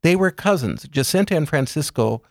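A man speaking as a guest in an interview, explaining calmly with a measured, gentle storytelling manner. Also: a little high, creaky, no echo, studio quality. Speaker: guest speaker on religious topics. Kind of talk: calm explanatory interview talk.

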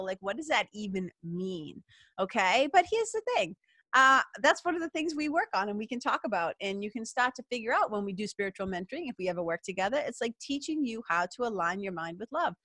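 A woman's voice: medium pitch, bright, forceful tone, dry recording. A middle-aged woman hosting a casual spiritual talk show, chatty and upbeat. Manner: chatty and upbeat, peppered with "like" and laughs. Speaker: podcast host.

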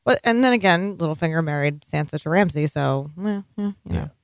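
A woman's voice: low-pitched, lively intonation, creaky, dry recording, clean studio sound. A woman co-hosting a podcast in casual, rambling chat, full of strong opinions and swearing. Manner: chatty, profane, rambling, quick opinions. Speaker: podcast co-host.

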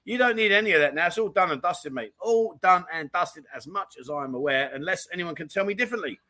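A high-pitched man chatting on a casual livestream. His voice is bright and forward as he rattles through viewer comments, friendly and full of slang. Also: fast talker. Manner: chatty and animated, full of mate and diamond geezer slang. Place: home in Thailand.

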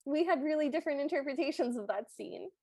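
High-voiced woman chatting casually. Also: animated, quick pace, vocal fry, mellow, no echo, clean studio sound. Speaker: podcast co-host. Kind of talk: casual chat.

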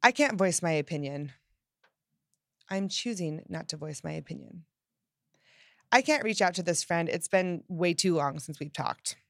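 A woman's voice: on the low side, animated, unhurried, vocal fry, long pauses, a bit bright, dry recording. A young woman speaks as a motivational host, upbeat and emphatic. She is heard up close in a dry, dead room. She punches her key phrases and slips into playful quoted inner voices. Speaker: self-help podcast host. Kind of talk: motivational talk to listeners.

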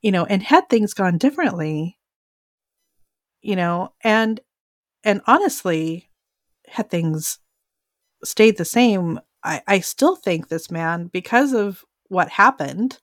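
A woman co-hosting a casual podcast, talking in an animated way with quick interjections. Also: mid-range voice, no echo, studio quality. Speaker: podcast co-host.

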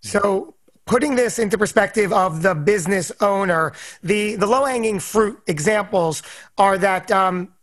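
Podcast host, mid pitch, interview questions, summarizing. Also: measured pace.

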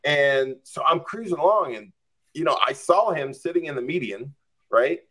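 A man's voice: a little high, expressive, normal speed, a bit bright. A man telling a story as a podcast guest, acting out his own reactions with lots of "like.". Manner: frequent "like" and "I'm just like". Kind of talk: casual storytelling.

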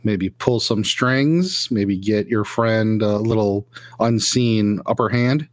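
A man running a tabletop game as storyteller, talking in a relaxed, conversational way. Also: fairly low pitch, takes it slowly, no echo. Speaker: game master.

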